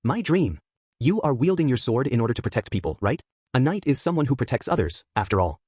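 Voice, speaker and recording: A man voicing a reserved, resolute young woman swordmaster in an audiobook, read quickly and evenly. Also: medium pitch, sing-song, a little mellow, husky, dry recording, studio quality. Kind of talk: audiobook reading.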